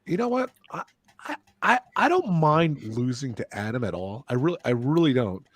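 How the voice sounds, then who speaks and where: A man co-hosting a casual podcast chat, animated and teasing and quick to laugh. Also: medium pitch, no echo. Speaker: podcast co-host.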